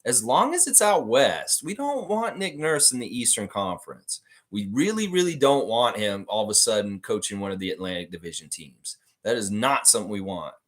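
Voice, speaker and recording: A man's voice: on the low side, big pitch swings, normal speed, hardly any pauses. A man hosting a casual fan livestream, ranting freely and swearing as he talks. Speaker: basketball livestream host.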